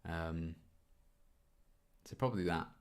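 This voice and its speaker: Speaking slowly in a low-pitched voice, this YouTube reaction channel host, a man in his twenties, reads out viewer questions in a relaxed Q&A. He chats his way through the answers, filling gaps with frequent ums.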